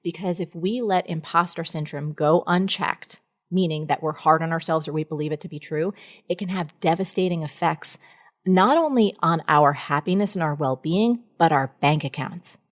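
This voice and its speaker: A woman's voice: sits low, moderate pace. A middle-aged woman talking as a podcast guest in a candid conversation, earnest and encouraging, speaking in emphatic bursts.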